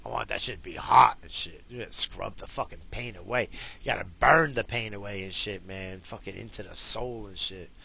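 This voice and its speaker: A man's voice: on the low side, fairly quick, creaky, pushed and bright, slight background noise. A man ranting casually to his viewers, swearing constantly and rambling in exasperation. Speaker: vlogger with a wife and kids. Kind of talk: casual rant to camera.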